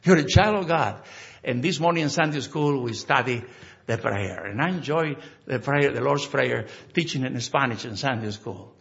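A male pastor preaching a sermon, emphatic and animated, acting out little conversations as he goes. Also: mid-range voice, normal speed, creaky, dull audio. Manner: animated, emphatic, acts out dialogues.

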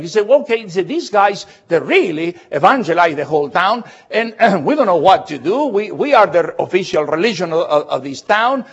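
A man preaching a sermon as pastor, emphatic, repeating words and slowing down to read scripture aloud. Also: high voice, big pitch swings, breathy edge. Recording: dull lo-fi recording.

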